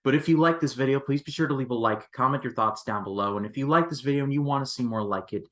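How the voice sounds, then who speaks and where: A man's voice: medium pitch, quick pace. A man talking through a movie review in a casual, chatty way, with lots of "like"s and restarts. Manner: chatty and expressive, with frequent "like"s and restarts.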